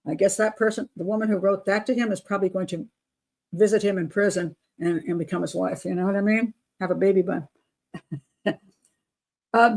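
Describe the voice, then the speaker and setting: Older woman, gravelly, mid pitch, blunt live-show host, casual chat. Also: fairly even intonation, a little fast, pauses often, a little mellow. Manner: blunt, opinionated, laughs often, restarts sentences. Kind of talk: casual live chat reading viewer comments.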